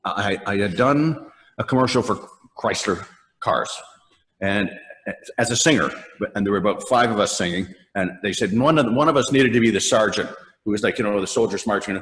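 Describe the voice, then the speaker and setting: Heard with long reverb, an older voice-actor guest spins meandering stories during a relaxed interview, often laughing and performing lines. He speaks at normal speed in a lowish, fairly bright voice.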